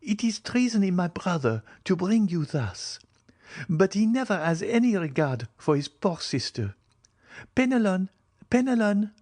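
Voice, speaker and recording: A man voicing a young married woman who hosts her brother's guest, with a raised, excited voice. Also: high voice, measured pace, no echo, voice pushed up, heavily acted. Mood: flustered.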